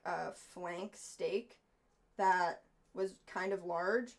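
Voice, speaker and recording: A woman streamer chatting casually and bluntly while she crafts, rambling with some swearing. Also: medium pitch. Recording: voice a bit off-mic.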